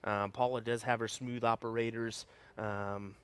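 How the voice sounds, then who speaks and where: A man's voice: fairly low pitch, level tone, unhurried, a bit bright, clear, resonant tone. A man co-commentating live darts, laid-back, telling stories and poking fun at himself. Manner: laid-back, tells anecdotes, self-deprecating.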